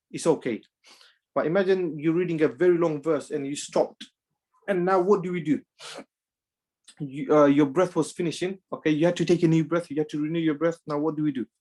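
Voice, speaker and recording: Man teaching Quran recitation rules. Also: a little high. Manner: halting, repeats himself, many restarts; drills rules through repetition. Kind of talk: online class lesson.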